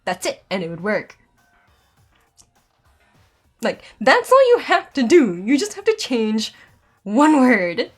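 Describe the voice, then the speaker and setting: High, animated woman ranting over gameplay. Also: slow, pauses often, husky, soft background music. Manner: exasperated, rambling, heavy use of "like"; voice climbs high when angry. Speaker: let's play streamer.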